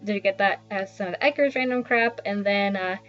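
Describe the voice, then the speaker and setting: Giving a vlog home tour, a young woman shows off her small basement apartment in a brisk, fairly bright, medium-pitched voice. Her narration is casual, chatty, self-deprecating and full of rambling asides, recorded with slightly dull lo-fi sound and faint background music.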